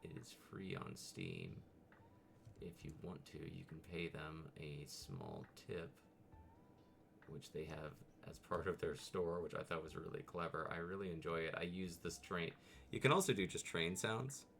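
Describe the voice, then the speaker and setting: A man streaming while he draws, chatting casually with viewers and coaxing his pet cat in a relaxed, soothing way. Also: deep voice, measured pace, gravelly, background noise. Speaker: VTuber streamer drawing on stream.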